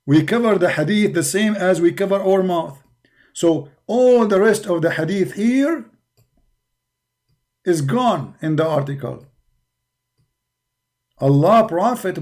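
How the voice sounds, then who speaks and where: A livestream host with a tired voice argues in broken English, mocking his opponents and calling the listener brother again and again. His speaking voice sits high for a man. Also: lively intonation, a little slow, pauses often, darkish tone. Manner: mocking, argumentative. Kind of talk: livestreamed religious critique talk.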